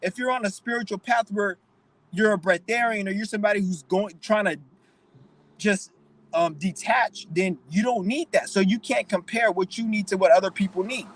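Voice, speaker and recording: A man's voice: high voice, moderate pace, poor audio. A young man hosting his own channel, ranting bluntly and profanely in a preachy, emotional way. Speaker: channel host. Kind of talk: casual vlog rant.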